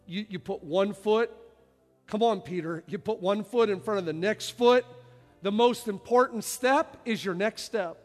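A male pastor preaching a sermon, dropping to quiet low stretches and then rising to loud shouted passages. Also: moderate pace. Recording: reverberant hall with faint music.

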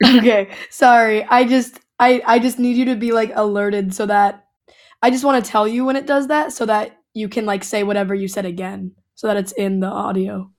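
A young woman player, hoarse from a cold, chatting in an apologetic, fretful way. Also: mid-range voice, little pitch movement, moderate pace. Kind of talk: casual podcast chat.

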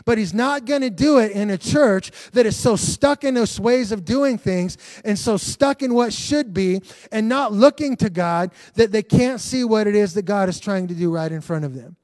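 Male pastor preaching earnestly, keeps repeating himself, pretty high voice. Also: moderate pace, few pauses, a little mellow, dry recording. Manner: earnest, repetitive, restarts often. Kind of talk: livestreamed sermon.

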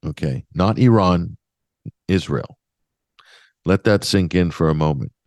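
A man's voice: sits low, animated, a little slow, a little mellow, no echo, studio quality. A man hosting a radio talk show, giving opinionated commentary in a sardonic, emphatic way with mocking asides.

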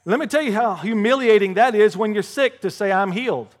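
A man preaching a sermon, telling stories with emphatic repetition and rising to forceful exclamations. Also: sits high, fairly quick. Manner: animated storytelling, emphatic repetition. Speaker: pastor.

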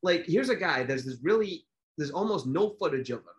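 Animated man telling stories on a podcast. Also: fairly high pitch, fairly quick. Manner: animated storyteller, many fillers and restarts. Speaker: podcast co-host. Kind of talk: casual podcast chat.

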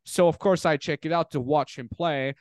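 A man hosting a podcast in casual chat, telling stories with lively acted-out quotes. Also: a little high, moderate pace, smooth, no room sound, studio quality. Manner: animated storytelling, acts out quotes loudly. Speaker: podcast host.

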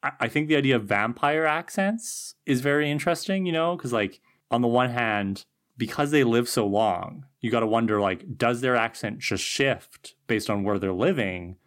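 A woman co-hosting a casual podcast, musing thoughtfully and chatting with quick asides. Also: a bass voice. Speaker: podcast co-host.

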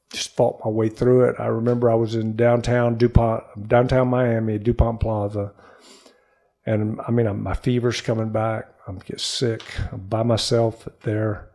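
Older male interview guest, gravelly voice, lively storyteller acting out the quotes, studio sound. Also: fairly low pitch, unhurried. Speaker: interview guest, former pro baseball player. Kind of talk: animated storytelling in conversation.

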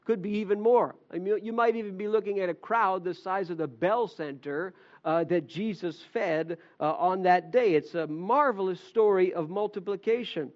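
A pastor preaches a sermon in a high, light male voice. He retells the gospel story with animation and slips into the voices of the disciples. The recording is slightly dull and muffled. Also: normal speed, few pauses.

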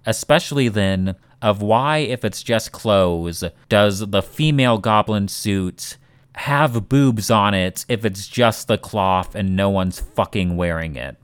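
Slow-talking smooth-voiced man, blunt. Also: fairly low pitch, dry recording. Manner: blunt, swears freely, rambling asides. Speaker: podcast co-host. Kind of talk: casual critical chat.

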